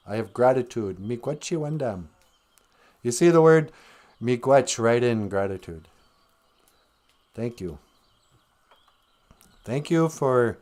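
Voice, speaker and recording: A man hosting a casual live-stream podcast, teaching words in an unhurried, musing way and chuckling often. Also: medium pitch, a little mellow.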